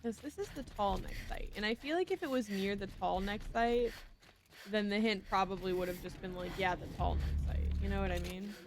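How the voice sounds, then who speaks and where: A woman's voice: mid-range voice, brisk. A young woman streaming a video game, chatting casually, swearing now and then and reading game text aloud. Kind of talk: casual gameplay commentary. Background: game music.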